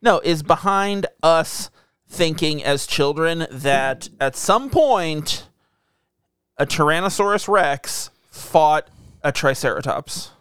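A man in casual banter, deadpan, who muses slowly and swears freely. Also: on the high side, clean tone, dry recording, clean studio sound.

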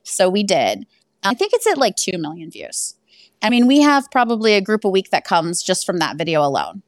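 Lively woman telling stories in a dry recording. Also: medium pitch, normal speed, dry recording. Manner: animated, laughs through stories. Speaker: escape room owner; guest. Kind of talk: casual storytelling interview.

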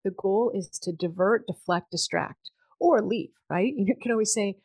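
A woman's voice: medium pitch, normal speed, few pauses, a little mellow, slightly rough, dry recording. Woman, coaching tone, upbeat, casual podcast talk, dry close sound. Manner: upbeat, coaching, acts out sample phrases.

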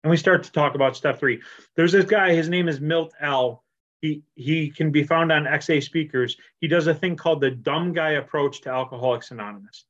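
A man shares his story at a recovery meeting, animated and casual, playing out each conversation as he goes. His voice sits a bit high for a man. The sound is muffled and lo-fi, as on a video call. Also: a little fast. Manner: animated storyteller acting out quoted dialogue. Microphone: computer mic on a video call.

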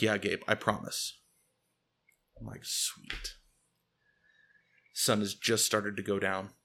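A man hosting a podcast, telling a comedic story with growing excitement. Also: on the low side, husky. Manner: animated, gets loud and laughing at the climax. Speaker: podcast host.

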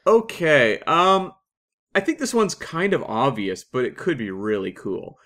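A Canadian man co-hosts a casual podcast chat. He talks eagerly and loosely, with lots of fillers and quick asides. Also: mid-range voice, sing-song, bright, forceful tone. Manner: chatty, enthusiastic, many fillers. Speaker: podcast co-host.

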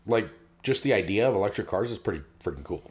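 A man co-hosting a podcast in casual chat, playful and quick with puns and laughs. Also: on the low side, expressive, darkish tone. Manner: playful, punning, laughs along. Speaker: podcast co-host.

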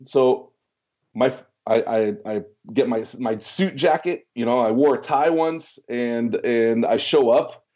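A man's voice: mid-range voice, takes it slowly, dull audio. A man in a casual interview, telling a long story from his past, stumbling over repeated words and acting out the dialogue. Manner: animated storyteller, many restarts and repeated words, acts out quoted dialogue.

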